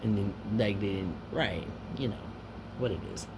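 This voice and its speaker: A man's voice: on the low side, moderate pace, heavy background noise. A man telling a rambling, profane anecdote, full of filler words and trailing asides.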